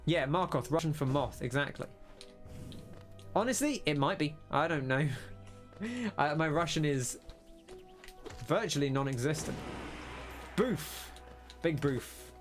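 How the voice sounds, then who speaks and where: A young man talks through his gameplay in a loose, musing way, often stopping to rethink. His voice sits a bit high for a man. Soft game music plays faintly underneath. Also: animated, unhurried, pauses often. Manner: musing, rambling, self-interrupting. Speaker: let's play host. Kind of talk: casual gameplay commentary.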